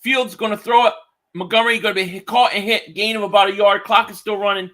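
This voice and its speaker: Excitable high-voiced male game streamer. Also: fast talker. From Philadelphia area. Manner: loose and excitable, swearing, reading chat aloud. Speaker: streamer reacting to a football game. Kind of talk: casual live-stream chat and play-by-play. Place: home, indoors.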